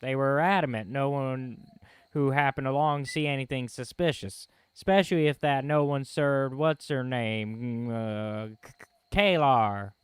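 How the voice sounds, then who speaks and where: A man's voice: mid-range voice, steady tone, a little slow, clear, resonant tone, dry recording, natural voice. A man doing a drawling Southern dwarf mercenary. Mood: gruff. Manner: folksy drawl, blunt. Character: gruff mercenary dwarf man, greedy, hard-bitten.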